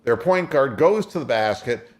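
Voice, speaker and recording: A sports radio host in casual talk, retelling games play by play like a storyteller. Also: male voice, medium pitch, animated, moderate pace.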